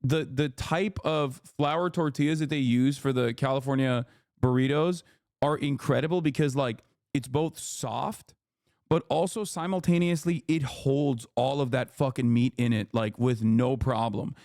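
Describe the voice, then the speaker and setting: A man's voice: mid-range voice, measured pace, a little mellow, no echo, studio quality. A man hosting a livestream, telling a rambling, profane story in casual chat. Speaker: livestream host.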